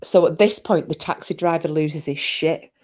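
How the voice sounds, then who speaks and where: Giggly British woman with a lowish voice. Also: normal speed, darkish tone. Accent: British English. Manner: giggly, rambling storyteller who breaks into laughter. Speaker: livestream host. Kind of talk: casual livestream chat reading out viewer comments.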